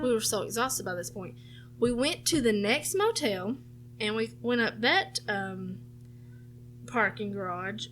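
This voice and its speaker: On a laid-back storytelling podcast, a female co-host in her thirties speaks with a Southern American accent at a medium pitch. She swears without restraint and lively voices her relatives' dialogue, with slight background hiss or hum.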